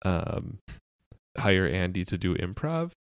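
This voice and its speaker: A man from the United States co-hosting a podcast, talking in a deadpan, sarcastic way with many fillers. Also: deep voice, slow pace, clean tone, no echo. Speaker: podcast co-host. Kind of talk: casual chat.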